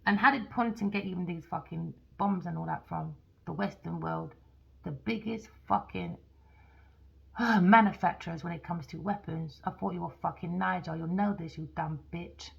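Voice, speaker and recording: A woman's voice: lowish voice, normal speed, vocal fry, slightly rough, dull audio. A tarot reader woman ranting in a heated, casual, profane way.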